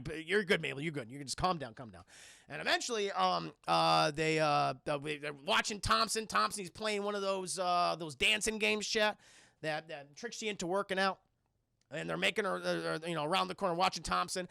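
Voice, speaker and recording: Excitable, high, gravelly male reviewer. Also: dry recording, clean studio sound. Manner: excitable, swearing, acting out characters in funny voices. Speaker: cartoon reviewer streaming to chat. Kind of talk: animated scene-by-scene recap to a stream chat.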